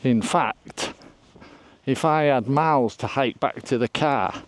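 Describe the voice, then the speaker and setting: A man's voice: mid-range voice, slow pace. An older man vlogging while out hiking on open moorland, chatting away to his viewers in a rambling, self-deprecating way. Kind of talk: casual walk-and-talk vlog. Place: outdoors on open moorland, windy hilltop.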